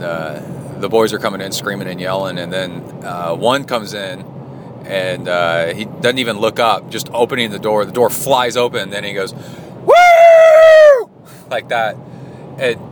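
A man's voice: fairly low pitch, background noise. Rambling man talking into a phone. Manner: rambling, chatty storytelling with many fillers. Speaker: podcast host. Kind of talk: casual training-log monologue. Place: school locker room.

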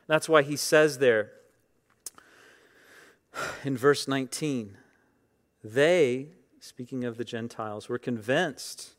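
A man preaching a sermon in a conversational way, often saying "like", dropping to quiet asides and rising to loud, emphatic bursts. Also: mid-range voice. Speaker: pastor.

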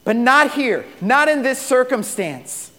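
High-voiced pastor preaching in a hall. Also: male voice, very animated, slow. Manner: storytelling, swings from loud to hushed. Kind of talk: sermon.

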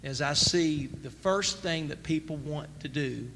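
Pastor guy preaching a sermon, emphatic, gets loud, kinda high bright voice. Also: unhurried. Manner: emphatic preacher, rising to near-shouts. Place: church sanctuary. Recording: church sanctuary with long reverb, faint noise.

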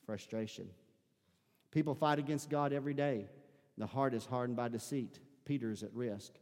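His voice is warm and medium in pitch, with a Southern US accent from the American South. Preaching as pastor in a church sanctuary, he climbs into emphatic bursts and calls out to the congregation, heard through a live-streamed sermon in a reverberant hall.

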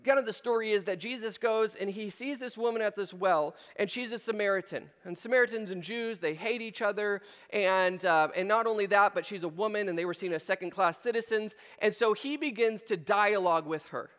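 Pastor guy preaching, high voice, chatty, big echoey hall. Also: fairly quick, few pauses, a bit bright. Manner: conversational, plays short voices in quotes, asks the room. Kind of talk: sermon. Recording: long hall reverb.

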